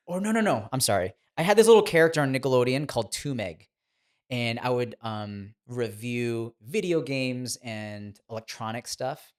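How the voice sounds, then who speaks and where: An animated, chatty man in his thirties tells stories as a podcast guest. His voice sits at an ordinary middle pitch, and he often laughs between lines. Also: normal speed. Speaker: guest, former child actor turned boxing trainer. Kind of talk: casual podcast storytelling.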